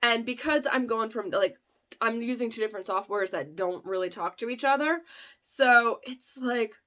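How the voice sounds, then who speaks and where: A woman in her thirties with a fairly high, fairly bright voice talks at a normal speed to her vlog audience. She runs a small business and is vlogging a sales sprint, chatting candidly, laughing often and filling her speech with fillers.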